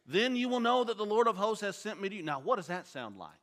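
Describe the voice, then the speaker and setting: Bright-voiced man teaching a Bible class. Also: high-pitched, big pitch swings, quick pace. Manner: quizzes the class with questions. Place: church auditorium. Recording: long hall reverb.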